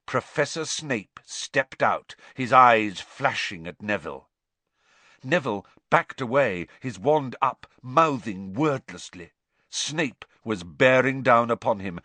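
A man narrating a story in a dramatic, expressive reading style. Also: medium pitch, dry recording. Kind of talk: audiobook narration.

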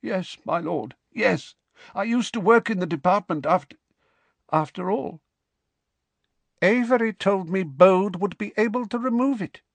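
A man playing a cowering servant with a high, hoarse, croaking voice, groveling and rushing his words. The sound is dry and up close. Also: dry recording, lightly acted. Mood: groveling fear. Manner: groveling, hurried, fearful.

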